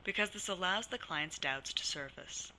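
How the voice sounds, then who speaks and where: A woman counselor reading a scripted instructional course, in a measured manner and walking through case examples. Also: lowish voice, sharp tone, slight background noise, poor audio.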